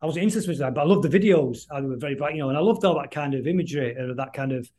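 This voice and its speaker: A man's voice: on the high side, a little mellow. A middle-aged man, chatting as a guest musician in a casual interview, rambling and stopping to restart often. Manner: rambling, halting, many restarts.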